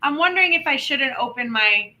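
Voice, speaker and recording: A woman co-hosting a podcast, telling stories in animated casual chat with quick asides. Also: high voice, low-quality recording. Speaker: podcast co-host.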